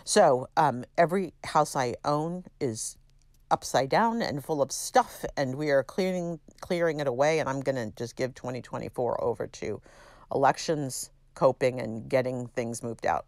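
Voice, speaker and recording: Her pitch is extremely low and a little mellow, captured on a dry recording. A middle-aged podcast host from California, she talks alone in a rambling, chatty, self-deprecating style, frequently starting over.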